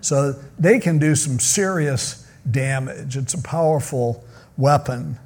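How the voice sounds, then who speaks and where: A pastor preaching a sermon retells a Bible story in a casual, joking way, acting out the quotes. His voice is medium-pitched with a darkish tone, and he speaks at a slow pace.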